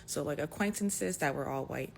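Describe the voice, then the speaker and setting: A young adult woman casually telling a personal story, animated and dotted with "like" fillers. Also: deep voice, moderate pace, vocal fry, a little hiss or hum. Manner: animated retelling, full of "like" fillers. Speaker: storyteller in a clip.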